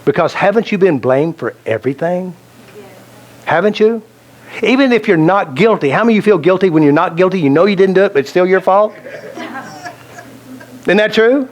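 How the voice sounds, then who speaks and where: Leading a self-help seminar before a live audience, this man has a high-pitched, animated voice and a fairly quick pace broken by long pauses. He shares anecdotes, jokes around, and poses questions to the crowd.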